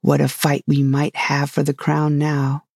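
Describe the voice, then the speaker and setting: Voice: medium pitch, monotone, measured pace, gravelly, darkish tone, slightly rough, no echo, studio quality. A narrator voicing a proud, dreamy male unicorn in a storybook reading, speaking carelessly and loftily. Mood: haughty. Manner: careless, lofty.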